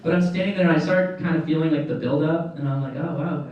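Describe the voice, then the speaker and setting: A young man doing stand-up on a club stage, his voice a bit higher than most, rambling through a story full of fillers and chuckling at his own lines. He sounds distant from the mic in a very echoey room, with an audience clearly audible behind him. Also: quick pace, darkish tone, lo-fi sound. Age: young adult. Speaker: stand-up comedian. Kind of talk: stand-up comedy set. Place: comedy club stage, indoors.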